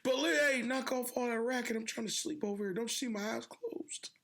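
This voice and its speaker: A man impersonating a grumpy, drowsy old male president who scolds people to keep quiet. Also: very high-pitched, fairly quick, a little hiss or hum, pitched above the performer's own voice. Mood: grumpy scolding.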